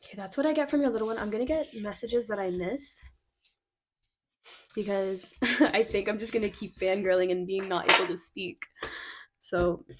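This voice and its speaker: A young woman doing a casual intuitive card reading, excitable and giggly, gushing and a bit flustered, full of "like" fillers. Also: mid-range voice, moderate pace, slight background noise. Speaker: tarot card reader.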